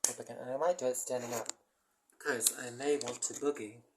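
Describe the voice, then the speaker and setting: A man in a casual spiritual talk who gently leads a chanted mantra meditation, speaking softly, apologizing often and correcting himself. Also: mid-range voice, fairly even intonation, a little fast, background noise. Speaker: meditation guide.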